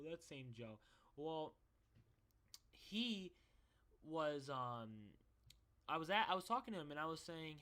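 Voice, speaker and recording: A man's voice: on the high side, lively intonation, measured pace, long pauses, bright, forceful tone. A young man telling a personal story in a casual, rambling way, swearing and restarting often. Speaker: vlogger.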